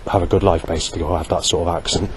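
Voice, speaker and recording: A man vlogging a spoken diary outdoors, halting and correcting himself as he goes. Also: low voice, steady tone, darkish tone, a little hiss or hum. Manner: halting, with many restarts and self-corrections. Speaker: vlogger recording a daily log.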